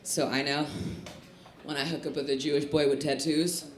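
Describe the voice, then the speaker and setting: A woman from the Chicago area doing a stand-up comedy set on a club stage, with a punchy, lively delivery. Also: low-pitched, moderate pace, slight background noise. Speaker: stand-up comic. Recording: live club with echo and crowd laughter. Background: laughing audience.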